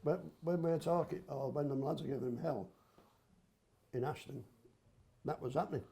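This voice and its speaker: A man's voice: mid-range voice, moderate pace, creaky, dark tone. An older man, a grandfather telling rambling football stories in casual slang. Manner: rambling, homely storyteller with local slang. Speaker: podcast guest, grandfather. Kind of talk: casual chat, storytelling.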